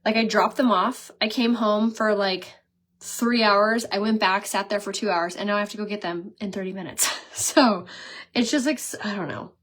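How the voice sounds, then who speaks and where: A woman in her thirties chatting casually on a live stream while she does her makeup. She talks fast, says "like" a lot and laughs often. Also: mid-range voice, steady tone, a bit bright. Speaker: makeup seller and vlogger. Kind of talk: casual livestream chat while doing makeup.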